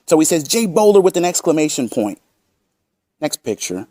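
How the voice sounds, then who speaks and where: A man's voice: a little high, expressive, moderate pace, warm tone, no echo, clean studio sound. A man hosting a commentary channel, combative and profane as he reads out and mocks chat messages. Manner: combative, swearing, reads chat quotes aloud.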